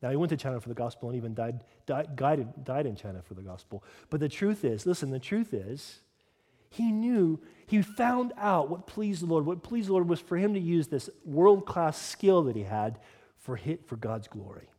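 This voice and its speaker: A man's voice: on the high side, animated, normal speed, mellow. A man preaching a sermon as a pastor, moving between earnest teaching and casual conversational asides. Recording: long hall reverb.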